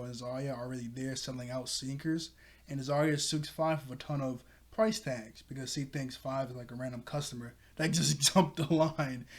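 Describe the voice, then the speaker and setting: A man giving a casual review of a cartoon episode, talking in a chatty way with frequent laughs and self-corrections. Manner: chatty, laughs often mid-sentence; jumps higher and louder when quoting characters. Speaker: show reviewer.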